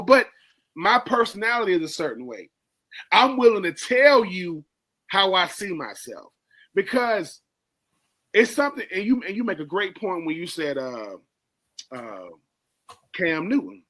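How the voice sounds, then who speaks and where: A man's voice: high-pitched, big pitch swings, unhurried, long pauses, pushed and bright. A man co-hosting a sports radio show, giving emphatic analysis, repeating words for stress and talking straight to his partner. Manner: talks straight to his co-host.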